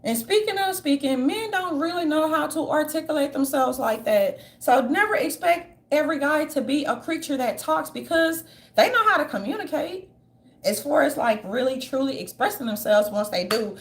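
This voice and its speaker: Blunt high-pitched woman ranting. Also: animated, moderate pace. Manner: blunt, profane, mocking quoted voices. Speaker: commentary channel host. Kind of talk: casual opinion monologue.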